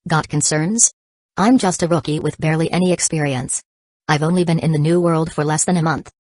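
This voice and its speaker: A woman narrating an audiobook in an even, steady reading voice. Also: deep voice, brisk, no echo. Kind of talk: scripted narration.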